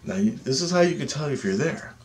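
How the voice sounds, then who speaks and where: This is a meditation teacher with a mid-range voice and a brisk delivery. Leading a guided meditation, he swears, presses his points, and keeps checking "okay?", becoming louder and more animated over time.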